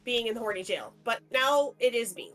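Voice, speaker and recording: A woman's voice: on the high side, fairly quick, a bit bright, soft background music. A young adult woman guesting on a game stream, teasing and laughing a lot in casual chat. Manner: playful, teasing, laughs often.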